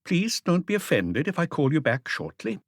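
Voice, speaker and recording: A man's voice: a little high, big pitch swings, moderate pace, no room sound, clean studio sound, pitched above the performer's own voice. A man voicing a young male diplomat with a strong Dutch accent, formal, starchy and guarded.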